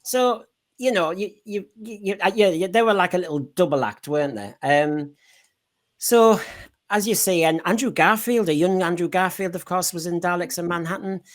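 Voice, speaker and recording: A man's voice: high-pitched, moderate pace. A man hosting a casual podcast discussion, rambling and repeating words as he steers the talk. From Britain. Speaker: podcast host.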